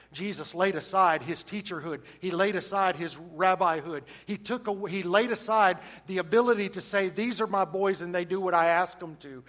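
Male preacher, fairly high-pitched, emphatic, loud-to-soft dynamics. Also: low-quality recording. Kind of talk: sermon.

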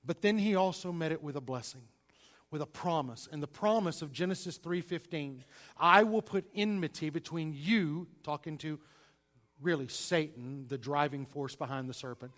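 A man preaching a sermon, stressing single words and swinging between loud and quiet delivery. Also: a little high, moderate pace. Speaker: pastor.

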